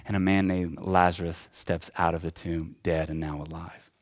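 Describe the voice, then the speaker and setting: A man's voice: low voice, level tone, normal speed. A young adult man preaching a sermon in a church, impassioned and building in waves, then easing into casual, chatty asides. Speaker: pastor. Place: church auditorium.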